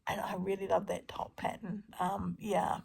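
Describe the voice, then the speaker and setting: Chatty, gravelly-voiced woman. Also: medium pitch, little pitch movement, moderate pace, a little mellow. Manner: chatty, self-deprecating, with many ums and restarts. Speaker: crafting vlogger. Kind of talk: casual voice-over narration of a craft video.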